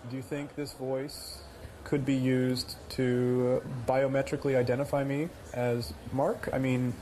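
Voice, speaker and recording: A man's voice: medium pitch, little pitch movement, measured pace, warm tone, a little hiss or hum, voice pushed down, low-quality recording. A man playing an AI clone of his own voice that sounds more American and over-articulated, smug in tone. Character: AI clone of a Dutch man's own voice.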